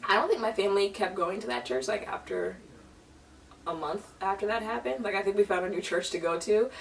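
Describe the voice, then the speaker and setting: A young woman in a casual storytime vlog, talking in a chatty, animated way and acting out the people in her story. She sounds a little away from the mic, in an ordinary room at home. Her pitch is in the middle for a woman. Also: a little fast, recorded from a distance, slight background noise. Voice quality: animated, chatty, quotes people in playful voices. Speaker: vlogger.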